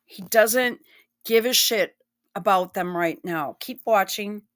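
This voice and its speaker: A woman's voice: medium pitch, takes it slowly. A woman giving blunt, profane and emotional commentary while reacting to news clips. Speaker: online commentator.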